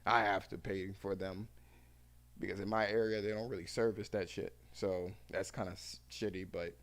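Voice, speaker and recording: A man hosting a podcast in casual chat, rambling, profane and quick to laugh. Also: low-pitched, flat delivery. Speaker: podcast host.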